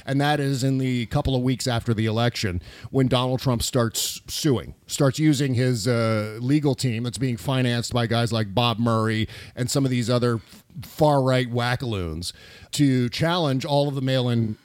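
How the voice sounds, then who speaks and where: A man on a political podcast, emphatic and animated, asking rhetorical questions in casual discussion. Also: medium pitch, moderate pace, no echo.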